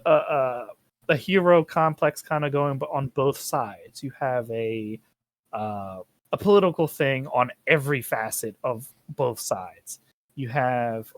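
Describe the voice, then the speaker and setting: A young man hosting a casual podcast chat, rambling and swearing as he talks. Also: mid-range voice. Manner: rambling, profane, animated. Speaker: podcast host.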